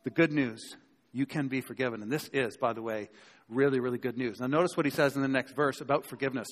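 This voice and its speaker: A man's voice: medium pitch, quick pace. A male pastor preaching a sermon to a live congregation, talking conversationally, with emphatic points and rhetorical questions. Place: church sanctuary before a live congregation. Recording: long hall reverb.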